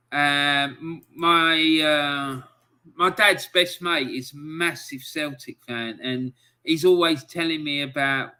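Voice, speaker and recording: A middle-aged man hosting a live football fan stream, chatty and excitable, reading out viewer comments and swearing freely. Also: fairly high pitch. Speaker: football fan show host.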